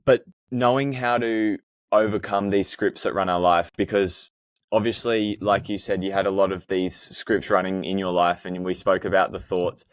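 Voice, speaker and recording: Deep-voiced thoughtful male podcast host. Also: little pitch movement, normal speed, no room sound. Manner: thoughtful, searching questions with restarts. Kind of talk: podcast interview conversation.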